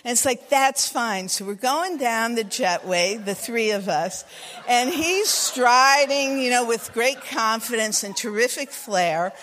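A woman's voice: fairly high pitch, expressive, a bit bright, a little hiss or hum. Wry woman storyteller in an echoing hall. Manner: vivid, wry, descriptive, slows for emphasis. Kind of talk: live comic storytelling to an audience. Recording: long reverb of a hall.

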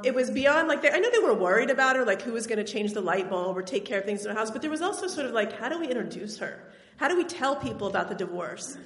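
This woman, from Tennessee in the US South, has a medium-pitched, fairly bright voice. She tells a personal story on stage, chatty and wry, with bits of laughter slipping in, and the sound carries a roomy hall reverb.

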